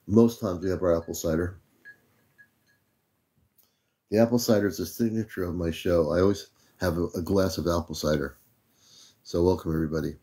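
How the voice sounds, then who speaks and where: Deep-voiced older man greeting viewers. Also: a little fast, pauses often. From United States. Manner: relaxed, greets viewers by name. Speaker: livestream host. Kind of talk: casual livestream greetings.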